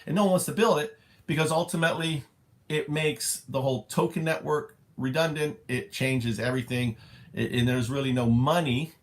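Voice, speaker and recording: A man delivering an unscripted, profane rant to camera as a vlogger, blunt and insistent, tagging his points with "right?" and swinging into loud emphatic bursts. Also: a little high, moderate pace.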